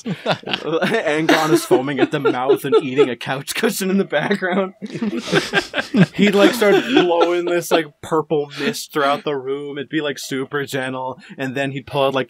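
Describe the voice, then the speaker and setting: A man in casual chat, laughing often and acting out quick voices of others. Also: a little high, a bit bright, no echo.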